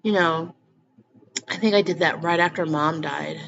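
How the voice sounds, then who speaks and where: A woman's voice: low-pitched, normal speed, creaky. Earnest rambling woman vlogging. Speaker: spiritual vlogger. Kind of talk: personal vlog monologue. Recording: slightly muffled with faint background noise.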